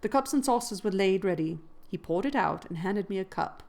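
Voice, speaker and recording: A woman reading a classic novel aloud in a measured narrating voice that grows louder at dramatic moments. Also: mid-range voice, expressive, gravelly. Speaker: reader.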